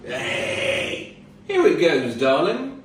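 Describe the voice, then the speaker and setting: Animated high-voiced man reacting. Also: drawn-out words, slight background noise. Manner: incredulous, swears in disbelief; animated, exaggerated reading of bot text. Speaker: comedy video creator. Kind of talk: reading chatbot replies aloud with reactions.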